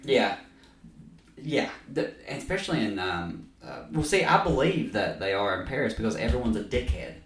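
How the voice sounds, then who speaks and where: A man's voice: mid-range voice, sing-song, moderate pace, far from the mic. Ranting man, echoey and off-mic. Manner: ranting, profane, laughs often. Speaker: podcast host. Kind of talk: casual film-review chat. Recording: echoey room, set back from mic.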